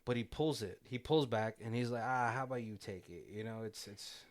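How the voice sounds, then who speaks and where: A man's voice: mid-range voice, brisk. Guy on a movie podcast, walking through the plot, doing the characters' lines, laughs a lot. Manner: retells scenes with quoted lines and frequent laughs. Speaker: podcast host. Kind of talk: casual movie commentary chat.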